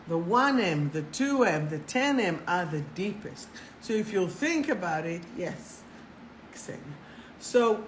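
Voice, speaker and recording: A woman's voice: medium pitch, slight background noise, poor audio. Chatty woman hosting a spiritual livestream. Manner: chatty, animated, laughs at herself, swears casually. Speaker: spiritual coach and live show host. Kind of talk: casual livestream talk.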